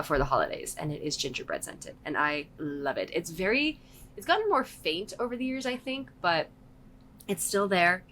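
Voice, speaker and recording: A woman's voice: lowish voice, fairly bright tone, slight background noise. A woman co-hosting a podcast in casual, enthusiastic chat. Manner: enthusiastic, upbeat. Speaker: podcast co-host.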